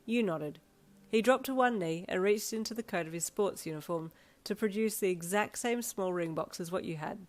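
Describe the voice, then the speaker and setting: A woman narrating fan fiction aloud in an even storytelling manner. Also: medium pitch, moderate pace. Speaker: reader.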